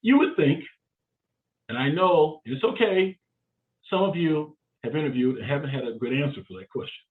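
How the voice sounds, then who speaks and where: A man delivers a live career seminar with punchy, repeated phrases and plenty of energy. His voice sits a little high for a man. The sound is narrow and phone-like, as if heard down a phone line. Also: expressive, normal speed. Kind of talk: motivational seminar talk.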